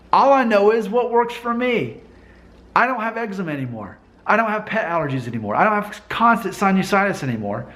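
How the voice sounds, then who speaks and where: A man delivering a casual vlog monologue straight to the camera. His voice sits a little high for a man, and he presses his points hard, circling back and repeating himself for emphasis. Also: a bit bright. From United States. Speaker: vlogger.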